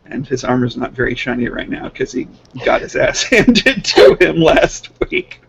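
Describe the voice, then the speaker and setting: A man's voice: medium pitch, very animated, moderate pace, creaky, a crowd in the background. Laid-back man with a mid-range voice. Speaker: player. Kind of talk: casual tabletop chat.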